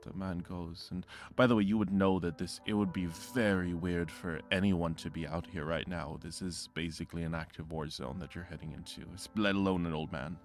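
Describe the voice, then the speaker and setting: A man's voice: sits low, steady tone, a little fast, hardly any pauses, faint music behind. A man narrating a tabletop game as game master, rambling with fillers and self-corrections.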